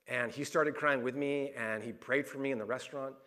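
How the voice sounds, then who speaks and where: A man's voice: mid-range voice, fairly even intonation, fairly quick, bright, forceful tone. A middle-aged male pastor preaching a sermon, speaking candidly with restarts and repeating phrases for emphasis. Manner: personal and candid, many restarts and fillers.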